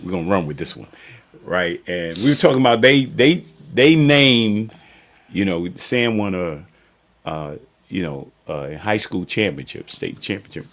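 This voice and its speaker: Hosting a casual conversational interview on his podcast, this man has a low, expressive, fairly bright voice and takes his time. His delivery is loose and story-like, with frequent laughter.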